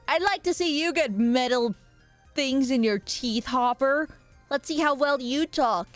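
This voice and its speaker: A woman's voice: sits high, a little slow, faint music behind. A young woman streaming live, chatting casually with viewers and reading their comments aloud, with a playful, teasing manner and frequent laughter.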